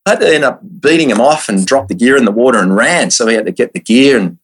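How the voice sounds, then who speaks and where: An Australian man telling a casual story as an interview guest, lively and full of quick restarts. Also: medium pitch, slightly rough. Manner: lively yarn-spinner, frequent restarts.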